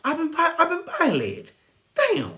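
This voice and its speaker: Guy doing anger as a shrill strained inner voice crying out, way up high. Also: huge pitch swings, measured pace, vocal fry, pushed and bright, heavily acted. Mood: alarmed. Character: a man's anger as a startled inner voice.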